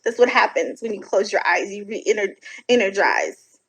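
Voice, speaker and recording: A woman giving casual reaction commentary from home at night, animated, sassy and blunt, swearing freely. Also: medium pitch, normal speed, very noisy. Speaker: online commentator reacting to videos.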